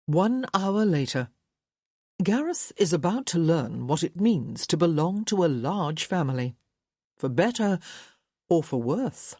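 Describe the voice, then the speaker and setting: A woman giving expressive scripted narration of a romance audiobook. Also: on the low side, measured pace, breathy edge, no echo, clean studio sound. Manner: expressive storytelling.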